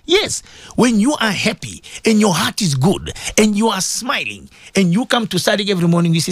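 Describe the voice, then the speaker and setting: A man's voice: sits high, sing-song, fairly quick, breathy edge, no room sound. A man, preaching on the radio and repeatedly appealing to his listeners with rhetorical questions. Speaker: radio presenter and Islamic preacher. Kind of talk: radio sermon talk.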